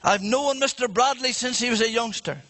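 A man's voice: very high voice, fairly quick, sharp tone, big-room sound, pitched above the performer's own voice. A man preaching voices an elderly grandmotherly woman who bluntly scolds people, in a church. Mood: blunt scolding. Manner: scolding, outspoken.

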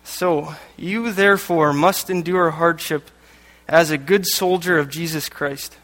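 A Canadian lay preacher delivers a sermon in a church hall, reading passages aloud and tossing in joking asides between them. His slightly high, fairly bright voice is unhurried with fairly even intonation, and the echoey hall adds long reverb.

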